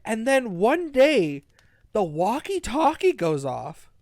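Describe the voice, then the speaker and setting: A man's voice: sits high, takes it slowly, no echo, clean studio sound. Rambling man hosting a casual podcast. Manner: rambling, excited retelling with many restarts. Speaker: podcast host. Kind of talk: casual book-review chat.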